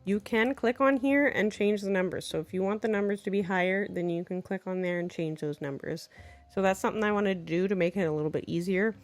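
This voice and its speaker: A woman teacher giving an unscripted walkthrough of her classroom games. She talks in a chatty, playful way, drops in quick French examples, and teases herself in small asides. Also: mid-range voice, faint music behind. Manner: jumps into lively French examples while explaining.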